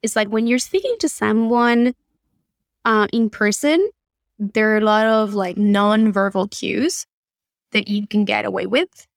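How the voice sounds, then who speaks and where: A young adult woman from Argentina with an Argentine Spanish accent, a guest telling animated stories in an interview. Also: mid-range voice, measured pace, vocal fry, no room sound, clean studio sound. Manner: animated storyteller, laughs often. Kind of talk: conversational interview.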